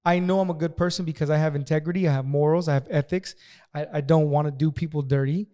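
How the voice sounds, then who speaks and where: Guy on a podcast, kinda high voice, cusses a lot, blunt and aggressive. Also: fairly even intonation, fast, warm tone. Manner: blunt and profane, talks aggressively. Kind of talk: casual podcast conversation.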